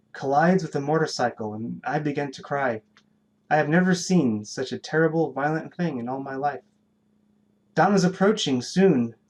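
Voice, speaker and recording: A man reads his poem aloud at a live poetry event. His voice sits a little high, and he recites slowly and deliberately, letting pauses hang between the lines. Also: a little mellow. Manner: slow, measured recitation with dramatic pauses. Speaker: poet. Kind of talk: poetry reading.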